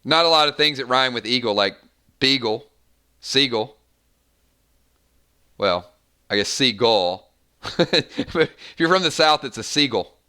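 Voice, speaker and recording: Chatty male game master with a bright, crisp voice, easygoing stream talk. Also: mid-range voice, expressive, unhurried, long pauses. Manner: chatty, tallies numbers aloud. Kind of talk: casual live-stream chat running a role-playing game.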